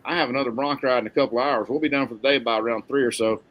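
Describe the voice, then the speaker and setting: A man's voice: medium pitch, steady tone, very fast, highs cut off, natural voice. A man reading a story, voicing an earnest, polite young cowboy with a plain way of talking.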